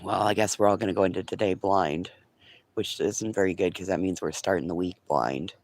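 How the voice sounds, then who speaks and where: Low-voiced man chatting casually. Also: a little fast. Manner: rambling, talks to his pets and chat viewers. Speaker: vlogger. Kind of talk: casual live-stream chat.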